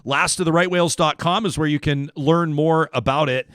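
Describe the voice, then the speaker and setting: A man hosting a talk show, telling stories in a lively, rambling way with many restarts. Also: fairly high pitch, normal speed, no echo, studio quality. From Canada. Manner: animated storyteller, chatty with many restarts. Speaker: radio talk show host. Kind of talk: casual talk show chat.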